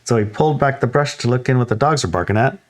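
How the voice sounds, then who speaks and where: A man in casual conversation, telling a story in an animated way and acting out quoted lines. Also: medium pitch, fast talker. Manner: animated, acts out quotes in raised voices, laughs often.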